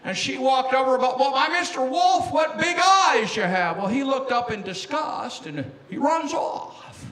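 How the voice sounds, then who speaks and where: A man's voice: very high-pitched, lively intonation, a bit bright, pitched above the performer's own voice, exaggerated voice. A man doing an impression of a stammering, drawling old-time film star as he tells a joke. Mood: folksy storytelling. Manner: stammering, repeats words, drawn-out. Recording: echoey room.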